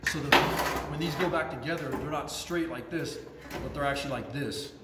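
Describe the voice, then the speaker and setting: A man's voice: a little high, fairly quick. Joking man in an echoey shop. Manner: joking, self-deprecating. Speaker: metal fabricator. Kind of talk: casual shop talk while working. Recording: roomy shop echo with loud noise.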